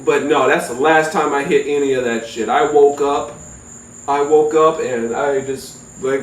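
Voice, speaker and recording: A man telling a comic personal story in an animated, profane, rambling way. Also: medium pitch, a little slow, far from the mic, a little hiss or hum. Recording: roomy echo, off-mic.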